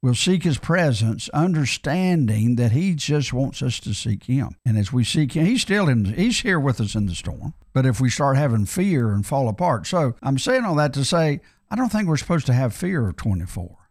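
Gravelly, husky man preaching earnestly. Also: mid-range voice, big pitch swings, moderate pace, few pauses, darkish tone, no echo, studio quality. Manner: earnest, preacherly, repeats key phrases. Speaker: podcast co-host. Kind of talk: casual faith discussion.

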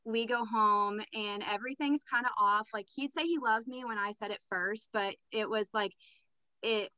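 A woman's voice: a little high, moderate pace, bright, forceful tone, no room sound, poor audio. A young adult woman telling a personal story as a podcast guest, candid and matter-of-fact. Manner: candid, matter-of-fact recounting with filler words.

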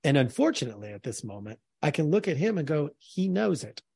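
A man's voice: a little high, big pitch swings, fast, a little mellow, slightly rough, no echo, clean studio sound. A man commenting earnestly on a played clip, speaking directly to his audience. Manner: earnest, addresses the audience as folks.

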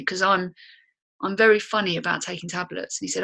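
A woman's voice: lowish voice, steady tone, fast, vocal fry, pushed and bright. A woman co-hosting a podcast, talking candidly in a chatty, blunt way and swearing now and then. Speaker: podcast co-host. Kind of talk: casual podcast chat.

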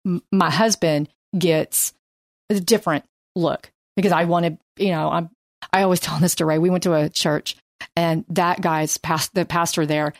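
A middle-aged woman leading a casual Bible study chat, telling lively stories about her husband and reading scripture slowly. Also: lowish voice, no room sound, clean studio sound. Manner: animated storyteller, reads scripture slowly.

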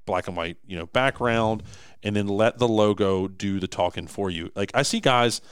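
A man's voice: fairly low pitch, moderate pace, smooth, dry recording, studio quality. A man co-hosting a casual podcast, talking emphatically with many restarts. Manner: animated, emphatic, frequent restarts. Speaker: podcast co-host, business owner.

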